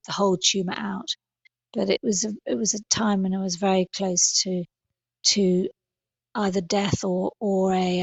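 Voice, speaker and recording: Gravelly, husky woman. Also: medium pitch, no room sound, muffled recording. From England. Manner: thoughtful, halting with many fillers and restarts. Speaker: guest. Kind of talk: podcast interview.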